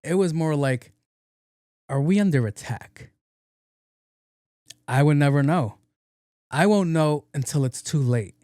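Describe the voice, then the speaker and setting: A man's voice: fairly high pitch, lively intonation, unhurried, long pauses, mellow, no room sound, clean studio sound. A young man hosting a casual solo podcast, rambling with slang and swearing. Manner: rambling, profane, slangy, acts out quotes. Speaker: podcast host.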